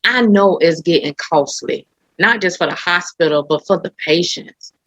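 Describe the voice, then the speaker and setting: A woman's voice: fairly low pitch, normal speed, a bit bright, no echo, poor audio. A woman podcast host in a conversational interview, asking questions casually and reacting with short engaged replies.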